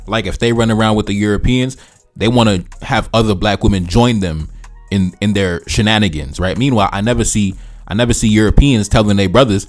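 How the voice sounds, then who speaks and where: A man hosting reaction commentary in a preachy, repetitive way, often calling the listener brother. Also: lowish voice. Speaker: commentary channel host.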